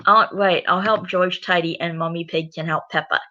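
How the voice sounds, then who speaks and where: A woman's voice: on the low side, steady tone, normal speed, sharp tone, a little hiss or hum. Woman doing a cartoon daddy pig, jolly, hearty, bumbling, muffled lo-fi sound. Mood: jovial. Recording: dull lo-fi recording.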